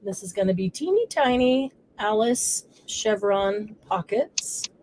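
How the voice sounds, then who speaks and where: A woman's voice: mid-range voice, animated, slow pace, a little mellow, slight background noise. A woman hosting a live crafting stream, chatting casually as she works. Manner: chatty, coos baby talk to her dog. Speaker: crafting show host.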